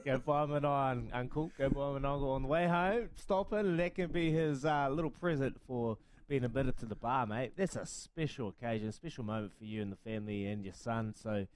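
A man's voice: mid-range voice, brisk, few pauses. Teasing New radio host man. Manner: playful, teasing, calls co-host "Uncle". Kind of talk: casual radio banter.

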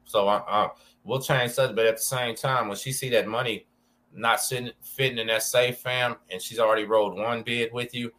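A man's voice: medium pitch, steady tone, brisk, fairly bright tone. A man with a Texan accent hosting a podcast, talking casually in laid-back street slang. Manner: laid-back street slang, calls listener dog and bro. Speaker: podcast host. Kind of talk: casual conversation about prison life.

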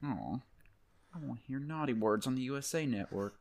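A man's voice: medium pitch, expressive, normal speed, gravelly, a little mellow. Playful man co-hosting a podcast. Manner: laughs often, asks questions, playful. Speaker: podcast co-host. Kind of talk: casual chat.

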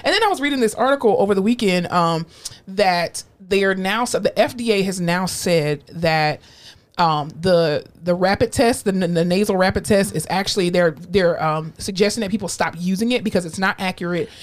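A woman's voice: medium pitch, moderate pace. A woman co-hosting a podcast in casual chat, blunt and swearing freely, often quoting people in put-on voices. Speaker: podcast co-host.

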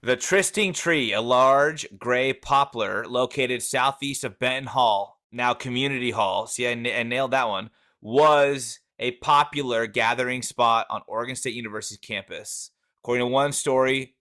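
Bright-voiced man chatting on a podcast. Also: mid-range voice. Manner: reads facts aloud with jokey asides and laughs. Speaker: podcast co-host. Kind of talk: casual sports podcast chat.

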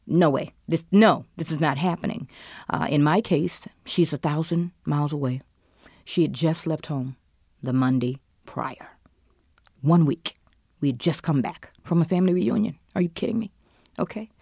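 A middle-aged woman, a guest telling of her loss, swinging between loud outbursts and hushed whispers. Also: low-pitched, moderate pace, gravelly, breathy edge, no room sound, clean studio sound. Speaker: interview guest, bereaved mother. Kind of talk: emotional personal testimony.

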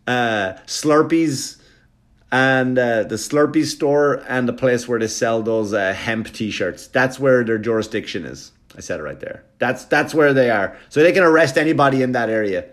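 A man doing stand-up, telling a long story in a quick, animated, profane way. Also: mid-range voice. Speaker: stand-up comedian.

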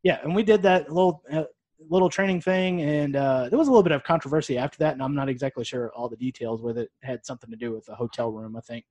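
A man's voice: mid-range voice, quick pace, a little mellow, dry recording. A man co-hosting a podcast in casual chat, laid-back and rambling, swearing now and then. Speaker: podcast co-host.

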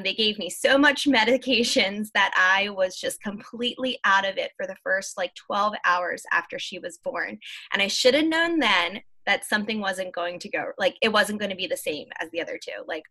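A woman's voice: mid-range voice, sharp tone. A woman in her thirties, a podcast guest, telling her personal story candidly, with many fillers and acted-out quotes.

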